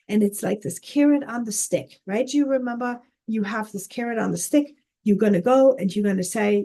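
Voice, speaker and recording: Earnest woman life coach, mellow voice. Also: fairly high pitch, moderate pace, vocal fry, hardly any pauses. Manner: earnest, repeats words, frequent "okay?" and "right?". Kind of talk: casual teaching talk.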